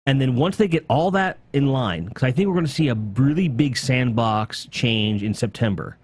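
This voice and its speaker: A man hosting a casual gaming podcast, talking excitedly in long rambling runs with casual swearing. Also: mid-range voice, normal speed, slightly rough. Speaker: podcast host.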